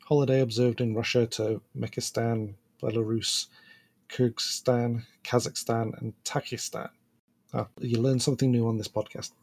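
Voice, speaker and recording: A man's voice: mid-range voice, level tone, moderate pace, a little mellow, husky. A man co-hosting a podcast in casual chat, laughing often and trailing off with fillers. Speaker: podcast co-host.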